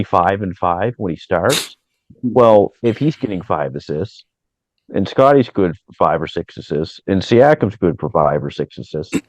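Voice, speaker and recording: A man who coaches, breaking down basketball lineups in a measured, matter-of-fact way on a podcast. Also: low voice, darkish tone, no echo. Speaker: co-host, coach. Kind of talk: casual sports analysis. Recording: dull, dry sound.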